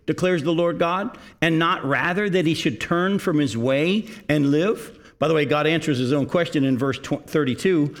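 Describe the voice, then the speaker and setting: A middle-aged man preaching in a slightly raised voice. He speaks earnestly and directly, often turning to ask his listeners questions as a pastor delivering a sermon. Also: fairly high pitch.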